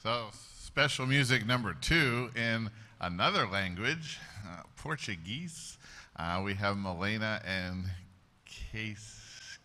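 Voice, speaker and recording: A man's voice: fairly low pitch, expressive, slow, bright, forceful tone. Hesitant man announcing in an echoing hall. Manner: hesitant, with fillers. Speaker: program announcer. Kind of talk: stage announcement. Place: school auditorium. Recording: distant reverberant hall.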